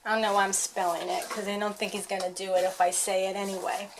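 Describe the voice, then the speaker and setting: A woman's voice: medium pitch, level tone, quick pace, slight background noise. A woman talking casually as she trains her dog at home, chatting to the camera and voicing what the dog might think. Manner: chatty, talks to the dog and voices his thoughts.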